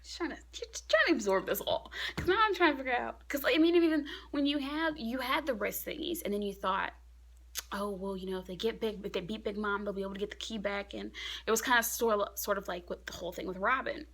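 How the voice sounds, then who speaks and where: Excitable young woman reviewing manga. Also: medium pitch, brisk. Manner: excitable, drops to hushed whispers. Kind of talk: casual chapter review.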